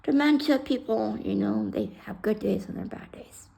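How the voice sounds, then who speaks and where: Blunt, gravelly-voiced woman telling her story. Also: medium pitch, huge pitch swings, moderate pace, mellow, low-quality recording. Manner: blunt, heated, swears freely. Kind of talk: casual personal storytelling.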